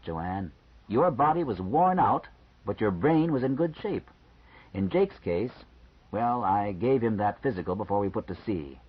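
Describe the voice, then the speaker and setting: A man reading an audiobook, voicing a calm male doctor who explains things frankly and matter-of-factly. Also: on the low side, husky. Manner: measured, matter-of-fact explaining. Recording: slightly muffled lo-fi recording.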